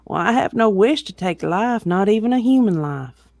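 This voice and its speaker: A reader voicing a gentle, strong old male workhorse who speaks softly and regretfully. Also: medium pitch, expressive, moderate pace, gravelly, no room sound, studio quality. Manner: soft, regretful.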